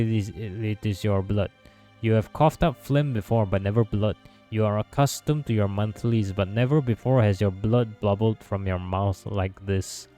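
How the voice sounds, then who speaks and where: A man narrating a visual novel aloud in a low, mellow voice. He reads steadily with occasional small stumbles, faint music under him. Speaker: gameplay narrator.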